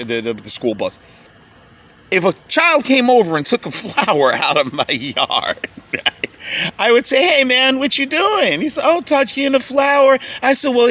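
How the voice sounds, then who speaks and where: Animated, emotional man with a bright voice. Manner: emotional, rambling, repeats words and says "man" often; swings between loud excited bursts and quiet low asides. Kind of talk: casual personal monologue.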